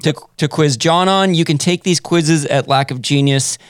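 A man's voice: on the high side, normal speed, clear, resonant tone, dry recording. A man from the American Midwest co-hosting a podcast in casual chat, talkative, laughing often and restarting his sentences. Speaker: podcast co-host. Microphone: remote call setup.

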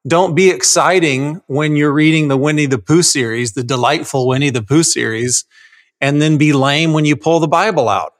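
A man's voice: fairly high pitch, moderate pace. A man co-hosting a casual chat, teaching fathers in an earnest, playful way. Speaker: podcast co-host teaching fathers.

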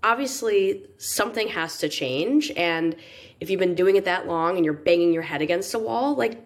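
A woman's voice: fairly low pitch, animated, normal speed. A woman interviewing a guest in a conversational way, enthusiastic and affirming.

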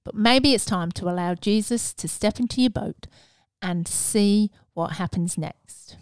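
A woman's voice: mid-range voice, measured pace, clean tone, dry recording. A woman preaching a casual devotional message in an earnest, conversational way, with fillers and restarts.

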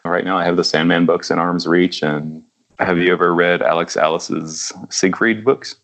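A man from Louisiana who is a comic artist, speaking as a podcast guest in a laid-back, soft-spoken way. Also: low-pitched, steady tone, normal speed, vocal fry. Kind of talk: casual interview chat.

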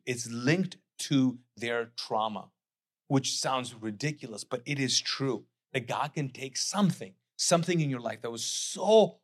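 Animated man preaching a sermon. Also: medium pitch. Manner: animated storytelling, acting out quotes in a raised voice; repeats words and restarts often. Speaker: pastor.

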